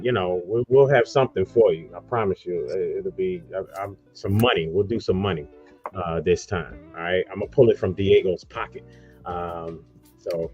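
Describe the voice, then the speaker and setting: A man's voice: on the low side, lo-fi sound. A man hosting a casual online radio talk show, rambling loosely through promos and introductions. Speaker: host.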